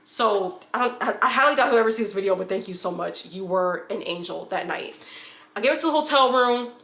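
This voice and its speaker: Bright-voiced woman rambling through a storytime. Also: medium pitch, animated, brisk, roomy sound. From upstate New York. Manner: rambling with restarts and asides. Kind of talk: casual storytime.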